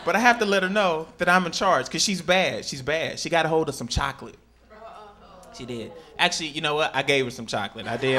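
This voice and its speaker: A male stand-up comedian tells his stories on a club stage, his voice sitting high and lively. He flips into shrill, squealing character voices for comic effect. A loud crowd laughs throughout the live recording. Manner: animated storytelling, sudden high-pitched shrieks in acted quotes.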